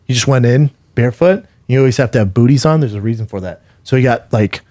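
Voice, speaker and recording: A man co-hosting a podcast in casual chat, telling animated stories and swearing freely. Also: mid-range voice, fast, no room sound. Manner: animated storytelling, acts out quotes, swears freely. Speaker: podcast co-host.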